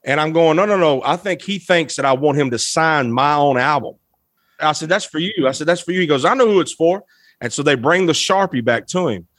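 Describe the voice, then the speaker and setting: A musician guest telling an animated, emotional anecdote, laughing often as he talks. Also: on the high side, fairly quick, dry recording, clean studio sound. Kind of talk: storytelling anecdote.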